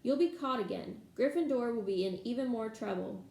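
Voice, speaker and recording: A woman's voice: a little high, brisk, creaky, dark tone, far from the mic, slight background noise. A woman voicing a nervous but stubborn schoolboy, earnest and shaky, in an echoey room. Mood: defiant.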